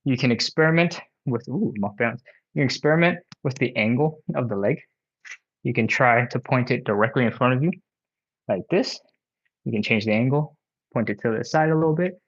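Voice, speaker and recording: A man's voice: medium pitch, brisk, muffled recording. Man coaching a home stretching workout. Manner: encouraging, counts reps, casual coaching. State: out of breath. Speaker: stretching instructor. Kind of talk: live workout instruction.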